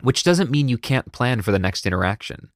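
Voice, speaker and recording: A man who coaches speakers, talking casually to camera, tired and low on energy, often tagging his points with a questioning "right?". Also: big pitch swings, brisk, no room sound, clean studio sound. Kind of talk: casual talking-head monologue.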